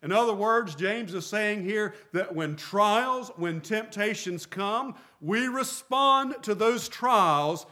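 A man's voice: sits high, lively intonation, slow pace, hardly any pauses, sharp tone. A middle-aged man preaching a sermon as a pastor, asking rhetorical questions and repeating phrases for emphasis.

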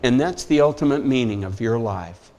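A middle-aged man preaching a sermon, rising to emphatic scripture quotes and dropping quiet on personal stories. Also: mid-range voice, lively intonation, normal speed. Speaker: pastor.

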